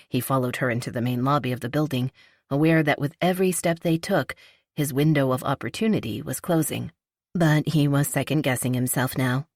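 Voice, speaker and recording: Low-voiced woman narrating a romance. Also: a little fast, darkish tone, no room sound, studio quality. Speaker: audiobook narrator. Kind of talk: scripted narration.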